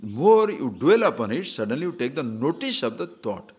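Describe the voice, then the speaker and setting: Lively man giving a spiritual discourse. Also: mid-range voice, breathy edge. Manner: lively, teasing rhetorical questions; chants short scripture verses slowly. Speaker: swami teaching scripture. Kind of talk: spiritual discourse to a live audience.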